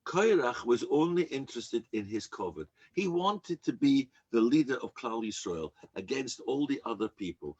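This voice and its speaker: A rabbi giving a sermon, telling a story and acting out the people in it. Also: male voice, mid-range voice, moderate pace, hardly any pauses, slightly rough. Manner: animated storyteller acting out quoted characters. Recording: dull lo-fi recording.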